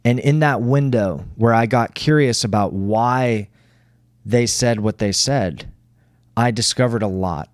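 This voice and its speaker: A man's voice: mid-range voice, a little slow, dry recording, studio quality. A man co-hosting a podcast in casual chat, earnest and reflective, swearing freely and tagging his points with "right?". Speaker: podcast co-host.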